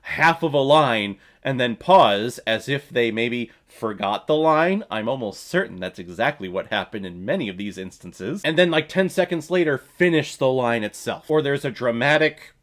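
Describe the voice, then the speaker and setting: A man's voice: medium pitch, expressive, normal speed, few pauses, fairly bright tone. A man ranting casually in a movie review, exasperated and profane, with a mocking tone. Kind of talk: casual film review rant.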